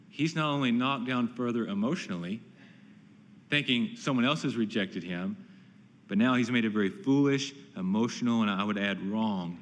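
A man's voice: mid-range voice, a bit bright. A man preaches with earnest emphasis, stacking phrases and repeating words to drive each point home. His voice sits in a middle register. Long reverb trails after him, as in a large sanctuary. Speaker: pastor. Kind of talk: sermon.

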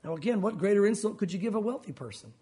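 A man's voice: high voice, animated, racing, dark tone. A pastor, preaching a sermon in an earnest, conversational way and talking straight to his congregation.

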